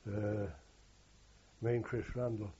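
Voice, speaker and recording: A man's voice: fairly low pitch, flat delivery, slow pace, dark tone, husky. An older man, a war veteran telling rambling oral history anecdotes and quoting others with "he says". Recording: dull lo-fi recording.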